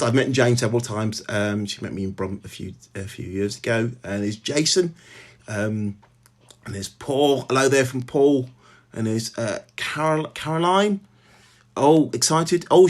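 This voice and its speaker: Brummie guy in his middle years, live streaming from home, lots of ums and stop-start greetings, mid pitch. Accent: Birmingham. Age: middle-aged. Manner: halting, filler-heavy, greets viewers by name. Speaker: author hosting a live stream. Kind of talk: casual live-stream chat.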